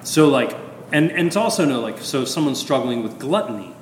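A man in his fifties, a priest, talking casually about confession in an animated, chatty way full of asides and fillers. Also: mid-range voice, fairly quick, slight background noise. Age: 50s. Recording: echoey room with long reverb.

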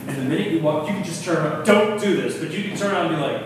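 A man in his fifties, a priest, talking casually about confession in an animated, chatty way full of asides and fillers. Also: on the high side, very fast, noisy background. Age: 50s. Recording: echoey room with long reverb.

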